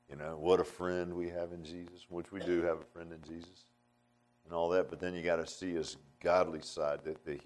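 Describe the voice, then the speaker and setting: With a voice that sits low, a man gives a folksy, conversational sermon, veering between forceful outbursts and hushed asides.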